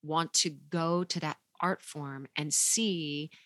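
A woman co-hosting a theater podcast in relaxed chat, affirming and reflective. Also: deep voice, slow pace, dry recording. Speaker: podcast co-host. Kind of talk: casual chat.

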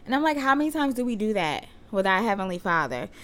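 A woman's voice: mid-range voice, sing-song, fast talker, fairly bright tone. Chatty woman around thirty, slangy. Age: about 30. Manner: chatty and slangy, addressing listeners directly. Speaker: podcast host and mother. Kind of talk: casual faith podcast talk.

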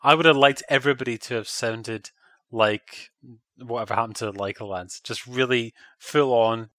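A man's voice: mid-range voice, moderate pace, sharp tone, dry recording, clean studio sound. A man chatting casually as a podcast co-host, chiming in with eager jokes. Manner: jokey, eager interjections. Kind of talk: casual chat about old British TV.

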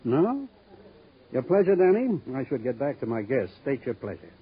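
An actor playing a suave, sardonic gangster boss in a 1950s radio drama, with a silky, languid, ironic drawl. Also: male voice, medium pitch, big pitch swings, normal speed, slightly rough. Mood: silky mocking. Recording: dull old radio broadcast recording.

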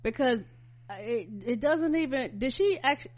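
A woman's voice: high-pitched, animated, moderate pace, a little mellow. A woman co-hosting a podcast, speaking bluntly and swearing freely in casual chat. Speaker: podcast co-host.

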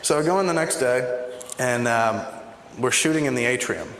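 Before a live audience, a man tells a long, profane anecdote with animated energy, acting out both sides of a phone call. His mid-range voice is a bit bright and moves at a normal speed. The echoey hall carries faint ambience and slight background noise.

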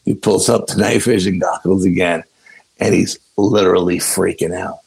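A man, a podcast guest, telling a story in a casual, laid-back, unhurried way. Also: low voice, fairly even intonation, gravelly, darkish tone, husky, rough recording.

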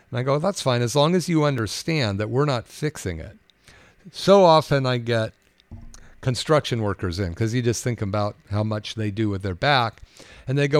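This podcast clip features a male doctor casually recounting stories about his patients, conversational and anecdotal, full of fillers and restarts. He speaks at normal speed in a mid-range voice, with no room sound.

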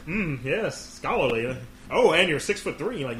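This podcast host speaks at a normal pace in a mid-range male voice, with slight noise in the background. His comedic, casual banter is profane and lively, and he performs the voices of people he quotes.

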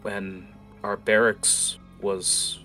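A man's voice: on the low side, flat delivery, drawn-out words, sharp tone, soft background music, heavily acted. A man playing a weary, grim guard captain. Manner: blunt, worn-down, curses.

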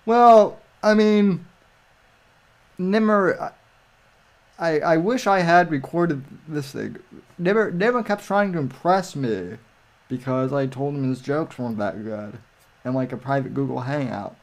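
A man chatting casually on a livestream, rambling with frequent restarts and halting phrases. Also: on the high side, lively intonation. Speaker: livestream guest. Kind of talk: casual chat.

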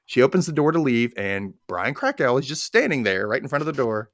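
Walking through a TV episode scene by scene, this male podcast co-host keeps it casual and animated, briefly doing the characters' lines. He speaks a little fast in a medium-pitched voice, recorded dry with clean studio sound.

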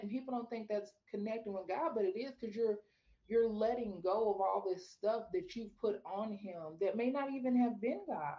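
A woman talks through her faith story as a guest on a podcast. She gets animated and swings up high whenever she plays out her own prayers and replies. The recording sounds a bit dull and lo-fi. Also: normal speed. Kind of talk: casual faith interview.

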